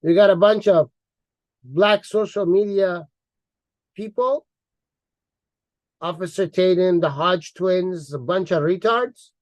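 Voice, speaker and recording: A man's voice: sits high, takes it slowly, long pauses, a little mellow, no echo, highs cut off. A man delivering a heated, mocking monologue as an online commentator, repeating words for emphasis. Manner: angry, mocking, insulting.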